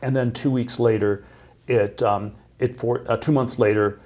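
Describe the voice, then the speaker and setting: A middle-aged man telling a long story as an interview guest, halting, with many fillers and restarts. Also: medium pitch, steady tone, darkish tone.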